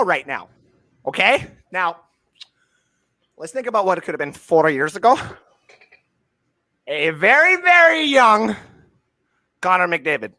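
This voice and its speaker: A Canadian man co-hosting a sports podcast, launching into an excitable rant that jumps between low mutters and loud shouts. His voice sits high and bright, and it swoops all over the place. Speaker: co-host. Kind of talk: casual sports podcast chat.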